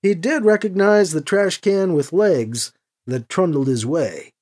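A man who hosts and writes the show, narrating a science fiction story and then speaking to listeners as an expressive storyteller. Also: sits high, measured pace. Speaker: host and writer. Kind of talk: audiobook narration.

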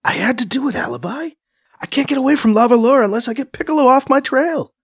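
A man's voice: extremely high pitch, lively intonation, quick pace, breathy edge, dry recording, clean studio sound, pitched above the performer's own voice, full character voice. A man voicing a sullen, defiant young woman prisoner in an audiobook, curt, defensive and sarcastic. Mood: tearful. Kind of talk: audiobook character voice.

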